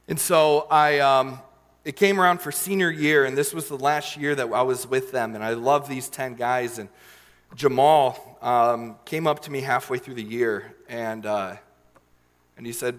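A young man telling a personal story in a sermon, earnest and emotional, with many fillers and pauses. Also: mid-range voice, big-room sound. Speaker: youth leader giving a sermon.

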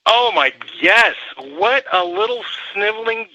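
A man co-hosting a podcast, reviewing movies in animated, sarcastic, profane banter. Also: sits high, measured pace, no room sound, poor audio.

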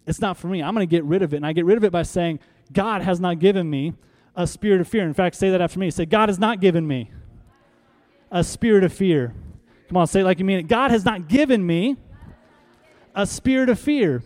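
Using stage props, a pastor gives an emphatic sermon full of rhetorical questions, with the congregation repeating after him. His voice sits high and a little mellow, and he speaks at a quick pace.

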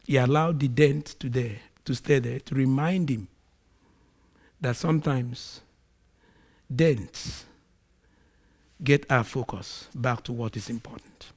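A man preaching a sermon, acting out quoted speech with big swings in volume and pitch. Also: takes it slowly, long pauses, darkish tone, slightly rough. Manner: acts out quoted speech in a raised voice. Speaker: pastor.

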